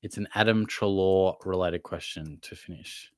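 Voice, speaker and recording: A young man with a low voice hosts a casual live Q&A, reading viewers' chat questions aloud and answering them in a laid-back, matey way. He speaks at normal speed, and the recording is dry.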